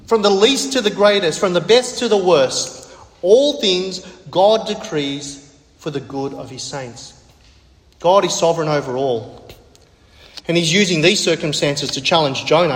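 A man preaching with earnest emphasis, his voice sitting high for a man. He leans on repeated phrases to drive points home. The sound rings out with long reverb in a roomy hall. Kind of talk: sermon.

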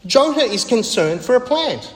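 Male preacher, high-pitched, emphatic and repetitive, big reverberant hall. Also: big pitch swings, moderate pace, a bit bright. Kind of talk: sermon. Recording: echoey hall with long reverb.

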